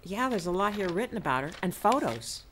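A woman's voice: mid-range voice, sing-song, brisk, fairly bright tone, a little hiss or hum. A woman voicing an eager, inquisitive researcher who keeps pressing for answers.

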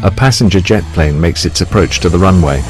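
A man reading scripted audio description in a calm, even manner. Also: sits low, a little fast, over loud music.

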